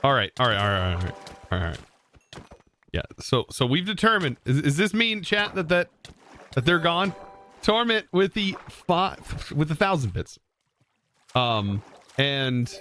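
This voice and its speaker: A young man hosting a live game stream, excitable, exclaiming often and thanking viewers. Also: medium pitch, measured pace, long pauses, soft background music. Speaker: livestream host.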